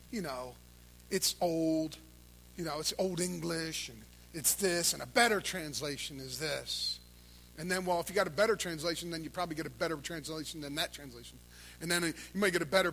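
A man preaching a sermon, his voice pitched high and ringing bright. He swings between shouted calls to the congregation and low, intense stretches of talk, all delivered from the pulpit of a church service. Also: slight background noise. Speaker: pastor.

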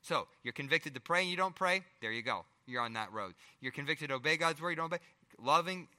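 A middle-aged male pastor preaching a sermon, firing rhetorical questions and swinging between loud emphasis and hushed asides. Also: on the high side, lively intonation, quick pace, long reverb tail.

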